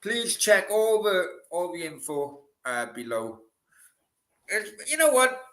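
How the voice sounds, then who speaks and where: A man hosting a football watchalong in a relaxed, chatty way, signing off to viewers. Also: sits high, takes it slowly. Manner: relaxed, chatty, laughing often. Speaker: host. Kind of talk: casual chat. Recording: roomy echo.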